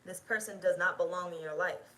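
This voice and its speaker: A woman's voice: lowish voice, brisk, pushed and bright, poor audio. A woman giving a casual tarot reading, talking bluntly and straight to the viewer and swearing freely. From United States. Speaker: tarot reader.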